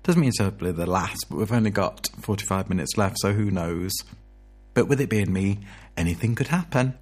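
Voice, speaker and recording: A man's voice: fairly low pitch, a little fast, breathy edge, soft background music. A man presenting a local radio show in a jokey, rambling, self-mocking way. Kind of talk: casual radio chat.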